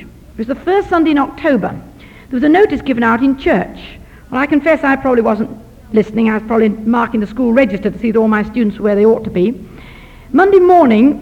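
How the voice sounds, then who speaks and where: A woman with a high voice tells a sermon story, lively and gently self-mocking. The recording is dull and muffled, and a long hall reverb trails behind her words. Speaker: missionary doctor and speaker.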